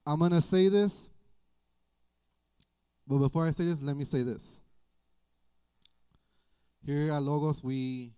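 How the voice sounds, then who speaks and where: A man preaching a sermon as pastor, in a folksy, animated way with playful asides. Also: on the high side, slow, long pauses, smooth. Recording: dull lo-fi church audio.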